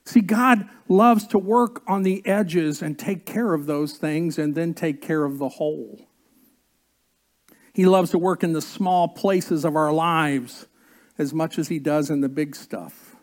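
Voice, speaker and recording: A man preaching a sermon as pastor, slow and earnest, drawing out key words and coaxing the congregation to join in. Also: fairly high pitch.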